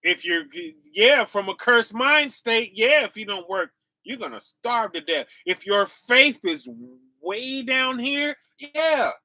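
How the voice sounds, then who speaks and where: A man giving an informal sermon in casual slang, leaning on "right?" and "y'all", chuckling to himself and swinging between quiet asides and loud bursts. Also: very high voice, lively intonation, slow pace, dry recording. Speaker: preacher.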